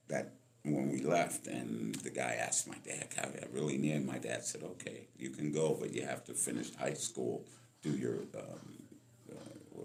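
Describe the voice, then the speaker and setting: A man's voice: a bass voice, vocal fry. A man in his sixties from Los Angeles, telling stories as a guest on an interview podcast and acting out the voices of people he quotes. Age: 60s. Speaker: guest musician. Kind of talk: storytelling interview.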